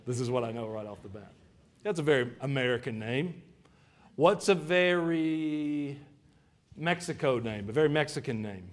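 A man's voice: medium pitch, fairly quick. A man preaching a sermon to a congregation in church. He talks conversationally, breaks off into joking asides, and often stumbles and repeats words. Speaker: pastor. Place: church service before a congregation.

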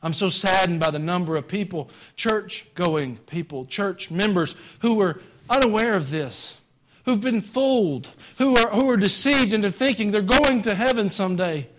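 High-voiced preacher swinging loud to quiet. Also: male voice, animated, normal speed. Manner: conversational preaching that swings between loud emphatic lines and quiet wry asides; joking. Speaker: pastor. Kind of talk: sermon. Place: church sanctuary.

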